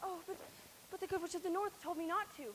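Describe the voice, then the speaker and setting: A woman's voice: very high voice, fast talker, sharp tone, full character voice. A teenage girl playing a frightened young farm girl in a school stage play, pleading and stammering through tears. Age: teens. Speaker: student actor.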